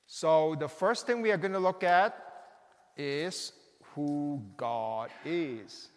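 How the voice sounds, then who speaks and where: A middle-aged man preaching a sermon, with slow, emphatic delivery, big swings between loud and soft, and slightly non-native phrasing. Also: a little high. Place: large church hall. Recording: reverberant hall.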